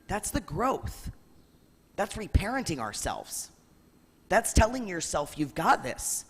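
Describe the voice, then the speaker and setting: A woman rabbi shares a spiritual reflection in an earnest, animated way, her pitch swinging widely. Her voice is fairly low for a woman. It rings out with a long reverb. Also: slow, slightly rough. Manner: animated and earnest, with bursts of laughter.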